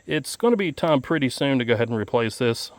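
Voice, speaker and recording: A man's voice: mid-range voice, expressive, fast, dry recording. A man giving a casual, rambling how-to walkthrough outdoors beside his tractor, with lots of fillers. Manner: folksy, rambling, many fillers. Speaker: equipment vlogger.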